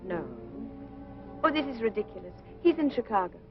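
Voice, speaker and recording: An actress playing an earnest young woman, speaking gently and hesitantly, on a dull old film soundtrack with music behind. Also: on the high side, animated, normal speed.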